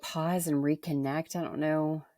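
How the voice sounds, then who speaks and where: A woman's voice: deep voice, flat delivery, measured pace, warm tone, dry recording, studio quality. A woman from the United States hosting an interview over a video call, asking questions with eager curiosity. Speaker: host. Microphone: headphones on a video call.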